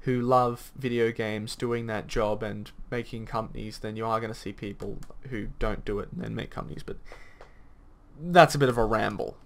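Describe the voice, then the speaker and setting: A man's voice: on the low side, steady tone, moderate pace, vocal fry. A man hosting a gaming commentary video, arguing bluntly, swearing at times, and rambling through lots of fillers. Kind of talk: reaction commentary rant.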